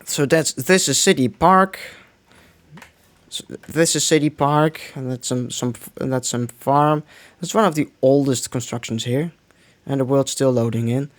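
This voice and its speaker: A man's voice: medium pitch, unhurried. Man rambling through live gameplay commentary. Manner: rambling, restarts often, mutters to himself. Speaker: streamer.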